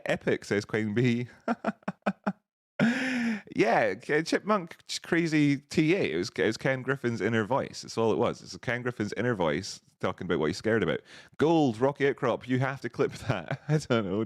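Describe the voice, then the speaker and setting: A man's voice: on the low side, animated, normal speed, dry recording, clean studio sound. A man hosting a live stream, chatting casually, laughing often and reading out viewers' messages. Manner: chatty, laughs often, reads chat aloud.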